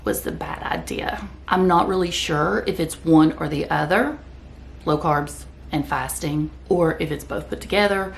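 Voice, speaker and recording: A woman's voice: low-pitched, creaky, a little hiss or hum. A woman vlogger talking casually to the camera in a chatty, rambling way, sometimes speaking with her mouth full. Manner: chatty, rambling, talks while eating.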